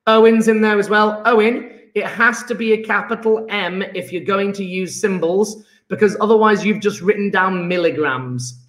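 A man's voice: high voice, normal speed, few pauses, fairly bright tone, roomy sound. A man teaching chemistry in a live online lesson, chatty and jokey, reading out pupils' chat messages as he goes.

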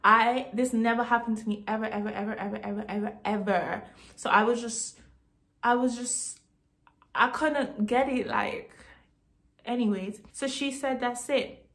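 A woman's voice: fairly high pitch, steady tone, moderate pace, a bit bright. A woman from Jamaica telling a casual storytime vlog story, emphatic, repeating herself and laughing between lines. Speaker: vlogger.

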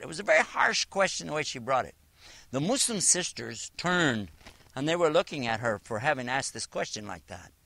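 A man's voice: fairly high pitch, creaky, fairly bright tone, dry recording. A man from Virginia giving a religious teaching talk as an Islamic lecturer, telling a story and acting out the dialogue. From Virginia, USA.

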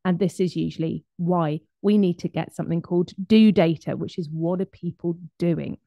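Lively woman speaker, dry sound. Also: lowish voice, moderate pace, gravelly, no room sound, dull audio. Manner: lively, conversational, with laughs and asides. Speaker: speaker on behaviour. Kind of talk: presentation to an audience.

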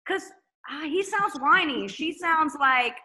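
A woman with a bright, crisp voice talks as a podcast guest. She speaks frankly and with energy and swears casually. She sounds open and unguarded. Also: high-pitched, slow. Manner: candid, animated, swears freely. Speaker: singer-songwriter guest. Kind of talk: casual chat.

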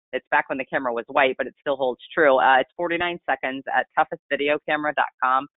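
A man giving a casual, rambling product training talk over a conference call, in a delivery he calls monotone. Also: medium pitch, no echo. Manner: chatty, rambling, self-described monotone. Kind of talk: casual webinar presentation. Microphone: conference call line. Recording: tinny phone line, dry.

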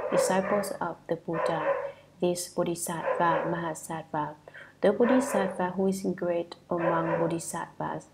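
Gravelly low-voiced woman reading scripture. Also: heavy background noise. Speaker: reader of a sutra commentary. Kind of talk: scripted reading of Buddhist commentary.

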